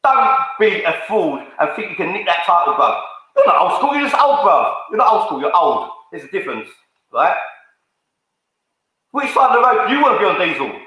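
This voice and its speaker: A man's voice: high-pitched, big pitch swings, brisk, bright, forceful tone. A man ranting angrily to camera for his fan channel, swearing and calling people out. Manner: confrontational, swearing, repetitive, calls people out. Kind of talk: angry rant to camera. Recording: very echoey room.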